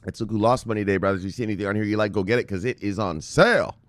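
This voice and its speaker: A man hosting a casual crypto market news show, excitable and profane, laughing as he talks. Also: on the low side, very fast.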